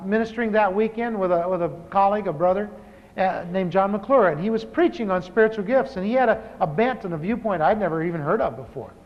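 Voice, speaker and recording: A pastor in his fifties tells his own testimony with humor, talking like he's chatting with friends and often restarting his sentences. His voice sits high for a man. It rings through a large hall on a dull, lo-fi tape. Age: 50s. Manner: conversational storytelling with restarts.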